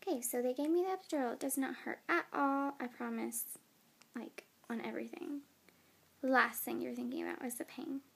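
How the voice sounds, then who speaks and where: A young woman with a somewhat high voice tells her story into a phone camera. She sounds tired and yawns now and then. She talks casually, with plenty of fillers. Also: creaky, darkish tone. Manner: chatty, many "like" and "um" fillers. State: tired, yawning. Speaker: new mother.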